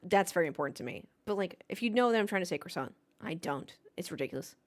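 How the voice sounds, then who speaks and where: A woman's voice: fairly low pitch, animated, fast. A woman streaming a race watchalong, talking casually into a desk mic. She jokes around and answers her live chat in a playful, chatty way.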